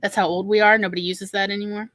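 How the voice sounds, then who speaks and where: A woman's voice: medium pitch, flat delivery, fast, fairly bright tone, no echo. A woman co-hosting a podcast, chatting casually and rambling with lots of fillers. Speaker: podcast co-host. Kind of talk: casual chat.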